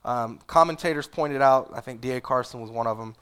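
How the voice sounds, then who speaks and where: A man's voice: medium pitch, fairly quick, fairly bright tone, clean tone. A man preaching a sermon in a conversational, casual way, with asides and fillers. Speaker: pastor.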